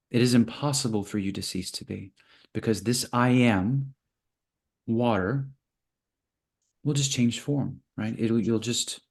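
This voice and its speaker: A man, interview guest, telling parables in a relaxed conversation and acting out little voices for the characters. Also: mid-range voice, gravelly. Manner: playful, acts out little voices in his parables. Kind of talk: storytelling in conversation.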